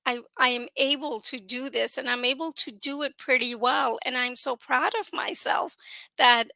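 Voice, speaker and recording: A woman's voice: high-pitched, fairly even intonation, normal speed, gravelly, sharp tone, dry recording. A woman giving an earnest testimonial on a video call. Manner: earnest, acts out quoted people. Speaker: business partner giving a testimonial.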